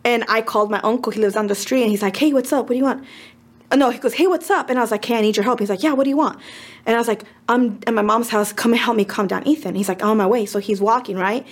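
A woman's voice: a little high, fast talker. A woman in her thirties, a podcast co-host, telling a family story in casual chat, acting out what people said and dropping in Spanish words. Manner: animated retelling with acted-out quotes.

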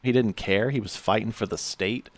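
A man co-hosting a podcast, telling a tall tale in a laid-back, deadpan way and chuckling between lines. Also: lowish voice, normal speed, no room sound. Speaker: podcast co-host. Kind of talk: casual chat, deadpan tall-tale storytelling.

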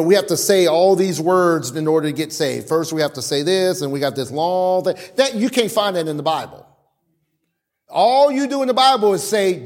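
A pastor with a noticeably high voice preaches animatedly. To make his points, he slips into the voices of worshippers.

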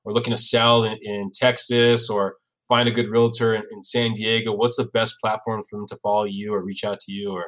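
A man's voice: fairly low pitch, little pitch movement, fairly quick, fairly bright tone. Teasing male podcast host. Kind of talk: casual interview talk.

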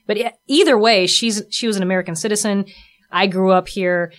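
A woman hosting a casual interview, chatty and animated as she tells stories and laughs often. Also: medium pitch, fairly quick. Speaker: host.

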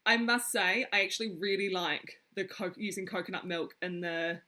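A woman's voice: mid-range voice, fairly even intonation, normal speed, bright, forceful tone. A woman co-hosting a casual chat, giggly and candid. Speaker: podcast co-host.

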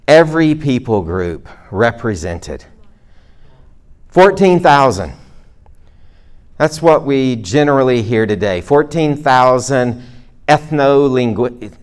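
A man's voice: medium pitch, darkish tone, clear, resonant tone. A middle-aged man preaching a sermon to a congregation in a conversational way, with self-deprecating jokes and asides. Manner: speaks to a live congregation.

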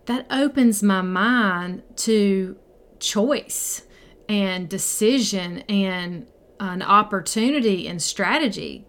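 A woman's voice: medium pitch, fairly bright tone. A middle-aged woman, a mindset coach, teaching a group in a casual, conversational and encouraging way, speaking directly to her listeners. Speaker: mindset coach and podcast host.

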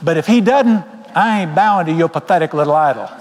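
Defiant young man, as a Southern preacher plays him, blunt folksy drawl, high-ish voice, hall reverb. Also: animated, brisk, darkish tone, lightly acted. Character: defiant young Hebrew man, stubborn and bold. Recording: long reverb of a large hall.

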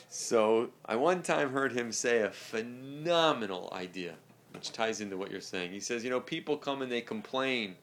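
A man's voice: medium pitch, lively intonation, normal speed, a bit bright. A man teaching a religious class, lecturing emphatically and repeating his key phrases.

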